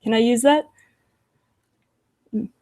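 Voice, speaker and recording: A woman's voice: fairly high pitch, slow, dark tone. A young woman hosting a casual livestream, reading chat comments aloud with sarcastic, profane asides and frequent laughs.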